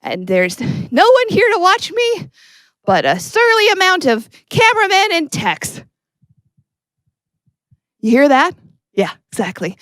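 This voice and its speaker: A woman doing a musical comedy set with deadpan, self-mocking asides as she introduces her songs. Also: very high voice, unhurried, pauses often, no echo. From Canada. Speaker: comedy singer. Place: stage filmed without audience. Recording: with guitar music behind. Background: acoustic guitar.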